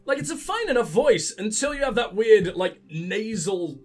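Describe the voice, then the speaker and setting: Man, high lively voice, sweary let's play banter, headset mic, faint music behind. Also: moderate pace. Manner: sweary, mocking, laughs at own jokes. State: sick. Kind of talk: casual gameplay commentary.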